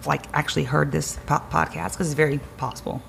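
Emphatic woman with a creaky voice. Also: low-pitched, steady tone, quick pace, fairly bright tone, slight background noise. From Greenville County area, South Carolina. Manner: emphatic, repeats key words for stress. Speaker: chiropractor guest. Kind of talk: energetic advice-giving conversation.

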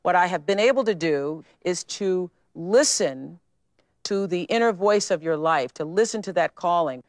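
A woman's voice: fairly low pitch, animated, normal speed, no echo, studio quality. A woman answering an interview question in an archive clip, speaking earnestly and restarting her phrases as she goes. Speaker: interview guest.

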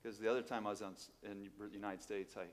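Speaking quickly, with a long reverb tail, this animated male preacher gives an emphatic sermon full of rhetorical questions. His first language is Portuguese, and he moves between quiet asides and loud exclamations.

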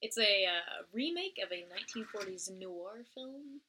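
Bright, wry young woman swearing casually. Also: medium pitch, expressive, a little slow, slight background noise. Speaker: podcast co-host. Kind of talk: casual chat.

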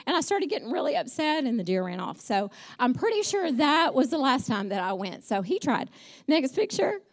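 A woman's voice: sits high, very animated, moderate pace. Middle-aged woman at church, telling stories about her father in a chatty, heartfelt way with frequent ums. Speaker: church speaker. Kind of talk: personal storytelling message.

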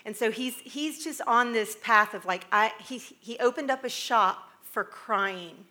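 A woman's voice: fairly high pitch, a little slow, sharp tone. A middle-aged American woman giving a chatty, humorous talk to a live audience, rambling through asides with frequent laughs. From United States. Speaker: speaker addressing a live audience.

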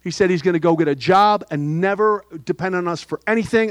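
Middle-aged pastor guy, kinda high voice, dry close sound, soft-spoken, tells stories w/ jokes. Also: fast, few pauses, no echo. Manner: storytelling with humor and quoted dialogue. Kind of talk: sermon.

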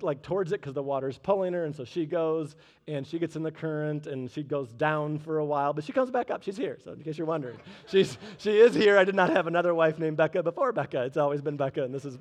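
A man in his thirties preaching a sermon, a lively storyteller who drops in joking asides. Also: a little high. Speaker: pastor. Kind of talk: sermon with personal stories.

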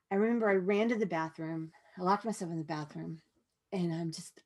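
A woman's voice: lowish voice, darkish tone. Frank woman telling her story. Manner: frank, halting, with many restarts and asides. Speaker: guest. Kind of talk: candid personal storytelling.

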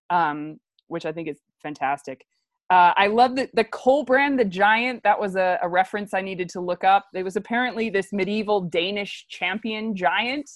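A woman's voice: on the low side, dry recording. Enthusiastic woman explaining verse. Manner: enthusiastic, thinking aloud. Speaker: teacher leading a play reading.

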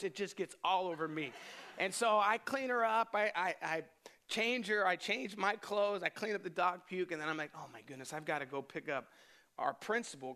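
Man, bright voice, slightly high, candid sermon storytelling, restarts often. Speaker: pastor.

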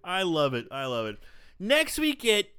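A man's voice: sits high, unhurried, clean tone. A man co-hosting a casual podcast, recapping a movie with lots of laughs and acted-out lines. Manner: animated, laughs often, acts out scenes in voices. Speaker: podcast co-host.

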